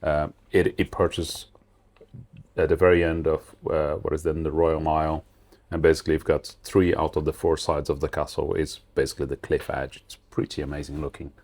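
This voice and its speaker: A podcast co-host chats casually in a very deep, gravelly male voice. His delivery is flat and a little mellow, at normal speed.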